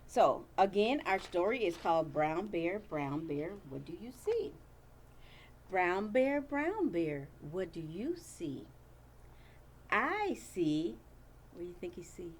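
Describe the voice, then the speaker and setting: A teacher reading a picture book aloud to young children, using a sing-song, playful delivery and stopping to ask them questions. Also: female voice, on the low side, sing-song, slow, a little hiss or hum.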